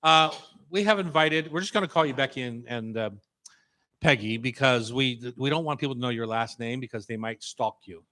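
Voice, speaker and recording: A man's voice: mid-range voice, brisk, sharp tone. A man hosting a casual food radio show, chatty and joking, with plenty of filler words.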